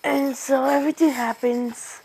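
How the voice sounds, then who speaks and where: Slow halting young female storyteller. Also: sits high, slightly rough, low-quality recording. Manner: halting, many fillers and restarts, excited during fights. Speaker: fan storyteller. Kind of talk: improvised fan story retelling.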